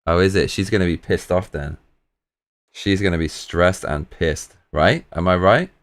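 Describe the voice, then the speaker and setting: A man's voice: low-pitched, moderate pace. A British man hosting a live stream, rambling casually with plenty of swearing and slang.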